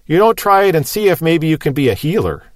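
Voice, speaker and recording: A man's voice: a little high, sing-song, fast, dry recording. A man preaching a sermon in a conversational, explanatory way, asking rhetorical questions.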